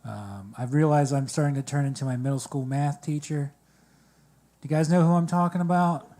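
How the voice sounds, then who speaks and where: A man from Maryland doing a stand-up set at a coffee shop open mic, dry and halting with many fillers. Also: fairly high pitch, mellow. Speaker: stand-up comedian.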